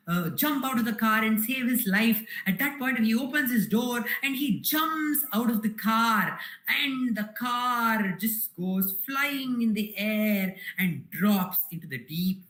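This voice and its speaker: A woman telling a spiritual story at a gathering, earnest and repetitive with fillers. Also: fairly high pitch. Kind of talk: storytelling talk. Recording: roomy echoey hall.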